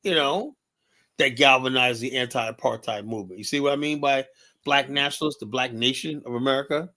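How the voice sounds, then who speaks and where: A man with a New York accent hosting a casual opinion chat, rambling and animated, with "you know" after nearly every phrase. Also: medium pitch, brisk. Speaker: show host.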